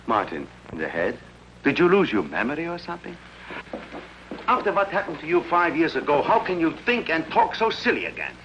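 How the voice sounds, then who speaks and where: A mocking, skeptical grocer in an old film, his voice somewhat high, bright and animated. A faint hum sits under his lines. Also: fairly quick, highs cut off. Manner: teasing and sarcastic. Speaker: shopkeeper. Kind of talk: 1950s film acting.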